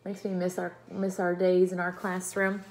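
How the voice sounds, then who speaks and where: A woman teacher reading a chapter book aloud to her class, expressive and engaging. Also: on the low side, moderate pace, slight background noise.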